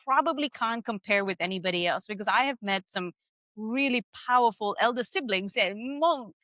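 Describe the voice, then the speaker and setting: A woman's voice: fairly high pitch, normal speed, fairly bright tone, no room sound. A woman hosting a podcast interview, talking earnestly and effusively with frequent restarts and laughter. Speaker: podcast host.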